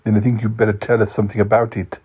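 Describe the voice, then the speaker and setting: A man's voice: fairly low pitch, flat delivery, very fast, husky. A man hosting a comic podcast skit, fretful and easily worried. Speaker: podcast host. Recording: dull lo-fi recording.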